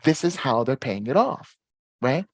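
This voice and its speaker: A man hosting a live Q&A stream, talking in an animated, repetitive way and jumping up high in pitch when excited. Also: a little slow, no room sound, studio quality. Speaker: host.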